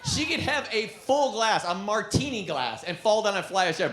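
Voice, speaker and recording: A man performing a stand-up comedy set on a club stage, telling stories with an animated delivery. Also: high-pitched, normal speed, few pauses. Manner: animated storytelling, breaks into laughs. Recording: echoey club with background noise.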